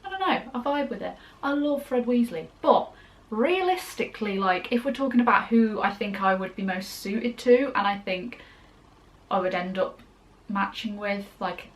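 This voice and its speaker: A woman's voice: medium pitch, animated, moderate pace. A young woman answering fan questions in a casual vlog, chatty and gushing, rambling off on tangents. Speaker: YouTuber.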